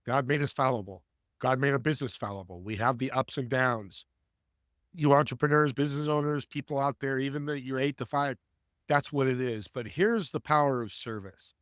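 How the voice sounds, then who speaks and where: A man as a podcast guest and networking coach, telling stories in an energetic, preachy way and speaking straight to the audience. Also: mid-range voice, normal speed, no echo, clean studio sound. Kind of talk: conversational storytelling.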